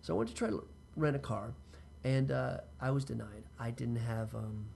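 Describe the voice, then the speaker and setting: A man with a gravelly, fry-edged voice at an ordinary middle pitch spins a loose, profane personal story. He talks straight to the listener and wanders into asides, and a faint hum of ambient noise sits behind him. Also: expressive, normal speed, a little mellow. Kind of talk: casual personal storytelling monologue.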